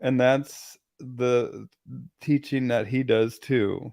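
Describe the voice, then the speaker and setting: A man hosting a casual dog-training talk, telling stories in an animated way and swearing casually. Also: medium pitch, slow pace, creaky, dry recording, studio quality. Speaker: host. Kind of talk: casual chat.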